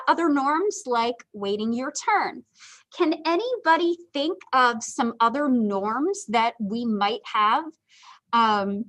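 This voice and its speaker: Chatty high-voiced woman lecturing. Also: a bit bright, rough recording. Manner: chatty, joking asides, lots of ums. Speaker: psychology instructor. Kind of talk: casual livestream lecture.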